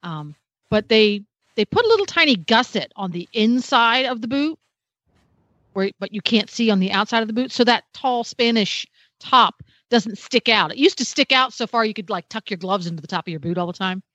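A woman's voice: on the high side, animated, moderate pace, a bit bright, dry recording, highs cut off. A woman reviewing a product on a radio talk show, chatty and detailed, with self-deprecating humor.

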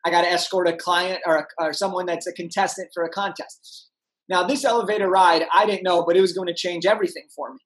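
A young man, a podcast guest, telling an energetic story and acting out the people in it. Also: sits high, fast talker, poor audio. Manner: animated, acts out voices in his anecdotes.

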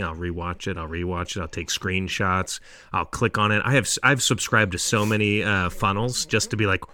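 A man's voice: on the low side, fairly bright tone. A man hosting a podcast, asking long rambling questions in a casual chat. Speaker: podcast host.

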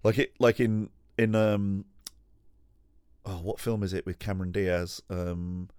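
A man's voice: low voice, fairly even intonation, slow, a little mellow, smooth, dry recording, studio quality. A man hosting a podcast alone, telling a rambling, sweary, self-deprecating anecdote full of restarts and asides. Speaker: podcast host. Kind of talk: casual storytelling monologue. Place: at home.

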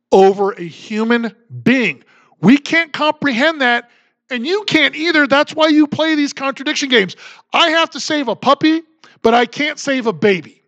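A man's voice: very high-pitched, a bit bright, no echo. A man hosting a political commentary podcast, talking in an emphatic, combative and sarcastic manner. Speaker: podcast host.

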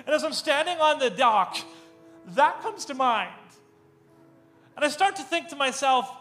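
A man gives a sermon in a high, bright voice, pulling the room along with animated, self-mocking storytelling. He acts out the voices in his story as he goes. Faint music plays behind him. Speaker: pastor.

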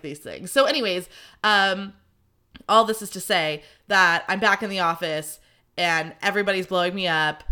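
Podcast host: young woman, bright voice, rambling casual chat, swears a lot. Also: medium pitch. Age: young adult. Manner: chatty, rambling, swears freely.

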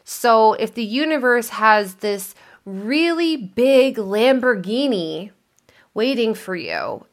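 A woman's voice: fairly high pitch, expressive, slow. Emphatic, candid woman coaching on love. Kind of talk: motivational talk.

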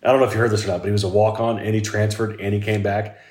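A man's voice: on the low side, level tone, very fast, darkish tone. A man co-hosting a casual roundtable chat, joking in wry banter with his friends. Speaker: podcast co-host. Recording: echoey room.

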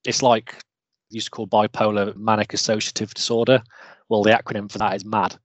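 A man's voice: fairly low pitch, level tone, fairly quick, no room sound, rough recording. A British man speaking openly and earnestly as an interview guest, in a candid, self-deprecating way. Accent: British English. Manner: open, earnest, self-deprecating, many restarts. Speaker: interview guest, mechanical engineer.

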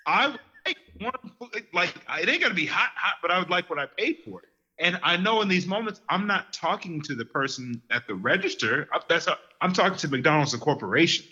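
A man telling lively stories in casual podcast chat, getting worked up as he goes. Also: fairly high pitch, fairly quick, husky, muffled recording. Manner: animated storyteller who gets worked up.

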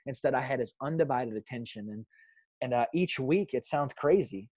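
A man in his thirties, a pastor, talking through stories in a relaxed interview. He jumps into voices when he quotes people and laughs easily as he goes. His voice sits mid-range and sounds close and dry, with no room around it. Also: mid-range voice, moderate pace, no echo. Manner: animated storyteller, acts out quotes, laughs often. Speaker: pastor and author, podcast guest. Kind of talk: casual storytelling interview.

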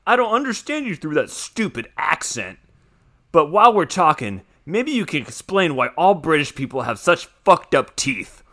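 A man's voice: on the high side, big pitch swings, moderate pace, pushed and bright, exaggerated voice. A man playing a bald, muscle-bound male agent who hurls crude, swearing insults. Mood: mocking.

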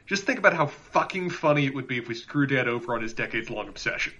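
A man's voice: mid-range voice, expressive, quick pace, pushed and bright. A man co-hosting a podcast, analyzing a TV episode in casual chat with earnest, playful remarks. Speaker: podcast co-host. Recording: dull lo-fi sound.

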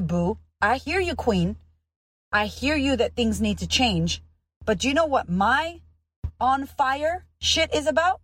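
A woman's voice: on the high side, background noise. A woman hosting a podcast, delivering a blunt, profane, fired-up motivational monologue in an emphatic, punchy way. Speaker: podcast host and coach.

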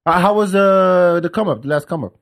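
A man hosting a podcast in casual chat, telling stories and acting out phone calls in an animated way. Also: high voice, a little fast, creaky. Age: adult with young son. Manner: animated storyteller, acts out calls. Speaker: podcast host.

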